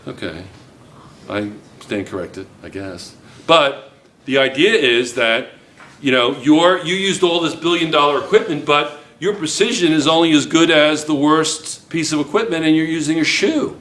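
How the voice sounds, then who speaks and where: A man teaching a chemistry class, lecturing with lots of quick checks on whether students follow. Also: on the high side, echoey room. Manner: lively, keeps checking students with "yes or no?".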